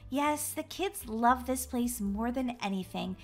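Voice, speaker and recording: A woman's voice: on the high side, animated, unhurried, faint music behind, voice pushed down. A woman voicing a friendly female daycare guide giving a tour in a game role-play. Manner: sweet, explaining.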